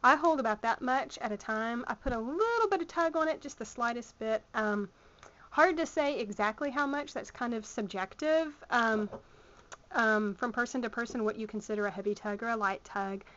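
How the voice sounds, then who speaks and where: A woman's voice: a little high, moderate pace, a bit bright. A woman with a Southern US accent, teaching a hands-on sewing tutorial in a chatty way with plenty of ums as she works. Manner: chatty, many ums, talks while working. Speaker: sewing instructor. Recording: muffled lo-fi home video sound.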